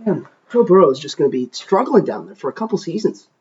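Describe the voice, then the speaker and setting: A man trading quick wisecracks in casual podcast banter. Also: fairly high pitch, big pitch swings, a little mellow, muffled recording, slight background noise.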